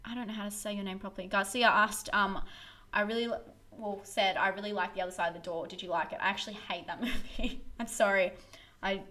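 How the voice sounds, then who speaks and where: A young woman chats through a relaxed live-stream Q&A. Her tone is bright and clear, and she wanders through answers with frequent ums, restarts and little giggles. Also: mid-range voice, brisk. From Australia. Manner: chatty, giggly, rambling with fillers and restarts. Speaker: horror film YouTuber hosting a live stream.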